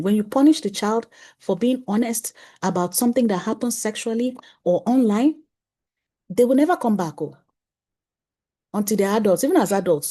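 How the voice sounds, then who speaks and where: A parenting coach, a woman with a medium-pitched voice, addresses parents at a conference. Her delivery is animated and full of chuckles, and she acts out conversations with her family.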